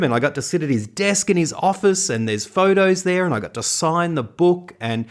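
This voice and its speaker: An Australian man co-hosting a podcast, telling an animated story in casual chat with frequent laughter. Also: high-pitched, normal speed. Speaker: podcast co-host.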